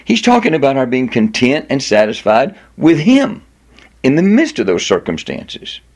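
A man delivers a sermon as a pastor, in a mid-pitched voice. He reads scripture with deliberate stress, drawing out repeated words and rising on the ones that matter most. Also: wildly swooping pitch, darkish tone. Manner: emphatic preaching, slowing and lifting on key words.

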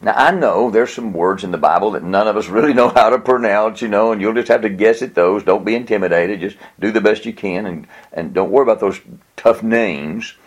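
A man's voice: on the low side, fairly quick, husky. A man giving an earnest, plain-spoken teaching talk on how to preach, with a chuckle now and then. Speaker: preaching instructor.

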